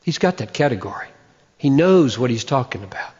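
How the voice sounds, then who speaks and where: Emphatic preacher with a lively voice in a hall. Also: male voice, medium pitch, husky. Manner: emphatic, slows down and repeats for stress. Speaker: pastor. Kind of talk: sermon. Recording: muffled sound in a reverberant hall.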